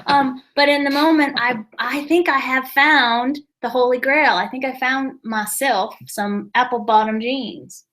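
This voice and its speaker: A woman's voice: sits high, steady tone, measured pace, few pauses, fairly bright tone. A woman co-hosting a casual chat, playful and teasing in her remarks. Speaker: co-host.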